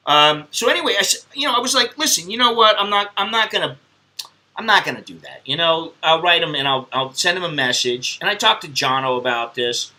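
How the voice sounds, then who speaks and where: A man's voice: mid-range voice, sharp tone. A man hosting a live stream, rambling bluntly and swearing at viewers in casual chat. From United States.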